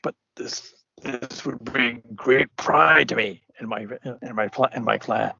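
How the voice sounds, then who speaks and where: A proud tribal warrior hungry for honor, as a man plays him at the table. He talks in a gravelly, earnest, measured way. The recording is dry and a little dull. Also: medium pitch, sharp tone, no echo, full character voice. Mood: proud, insistent.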